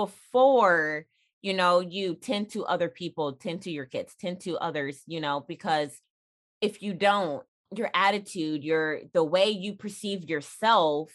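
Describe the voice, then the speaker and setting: A woman's voice: lowish voice, a little slow. A woman guest on a podcast and mother of a toddler, talking earnestly and encouragingly in casual chat.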